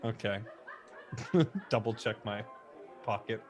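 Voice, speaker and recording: A man's voice: lowish voice, expressive, over music. Joking male tabletop player. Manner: joking, quick asides. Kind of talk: casual tabletop play.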